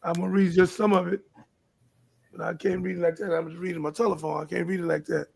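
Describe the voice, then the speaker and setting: Speaking fast in a high-pitched, creaky voice that is a little mellow and slightly rough, with little pitch movement, an older Houston man preaches on his own live stream. He urges young people to stop the violence, repeating himself and building to pleading questions.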